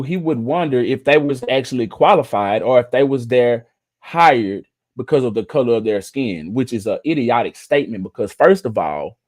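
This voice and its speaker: A man with a somewhat high voice hosts a casual livestream. He talks bluntly, laughs a lot and scoffs at views he dislikes. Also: darkish tone. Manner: blunt, laughs often, mocks what he disagrees with. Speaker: livestream commentary host. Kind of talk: casual commentary, reacting to viewer comments.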